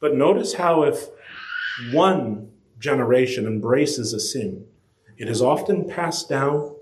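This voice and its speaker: A man preaching a sermon, lively and animated, acting out quoted voices with his pitch climbing high. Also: takes it slowly. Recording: echoey room.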